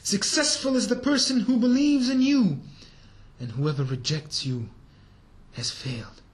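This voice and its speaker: A man voicing a reverent talking lizard that speaks in a solemn, lowered tone. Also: lively intonation, a little slow.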